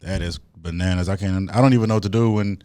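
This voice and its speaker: A man co-hosting a casual podcast chat, lively and quick to react. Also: low voice. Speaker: podcast co-host.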